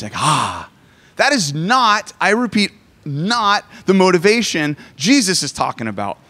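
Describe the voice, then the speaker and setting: Animated, joking male preacher. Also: high-pitched, unhurried. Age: 40s. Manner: animated, joking, self-deprecating. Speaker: pastor. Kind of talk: sermon.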